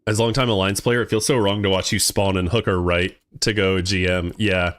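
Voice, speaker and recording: A man streaming a game live, chatting casually with viewers, excitable, laughing often and swearing casually. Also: low-pitched, brisk. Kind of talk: casual live-stream chat while playing.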